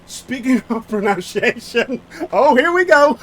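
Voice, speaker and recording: High, lively man streaming a flight sim. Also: rough recording. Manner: rambling, self-mocking, answers chat aloud; halting, many fillers and restarts. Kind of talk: live-stream chat while playing.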